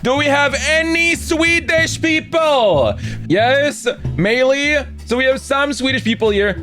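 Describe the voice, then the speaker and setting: A woman streamer chatting on a livestream, ranting loudly and jokingly in disbelief. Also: high-pitched, takes it slowly, faint music behind. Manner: loud, incredulous, joking rant. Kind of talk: livestream chat.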